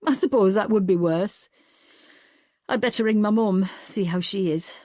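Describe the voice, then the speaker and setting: A woman's voice: mid-range voice, moderate pace, darkish tone, no room sound, studio quality, natural voice. A woman voicing a weary woman detective who talks earnestly, with a wry and slightly tearful edge.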